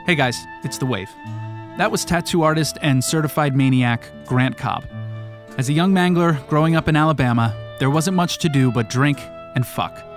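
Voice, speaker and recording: A man's voice: a little high, moderate pace. Guy narrating the show intro, dry and wry, music bed playing. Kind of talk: scripted narration.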